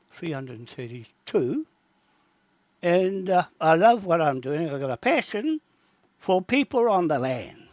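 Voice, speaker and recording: A man's voice: high voice, no echo. A man, rambling emphatically from topic to topic in a livestream monologue into his phone.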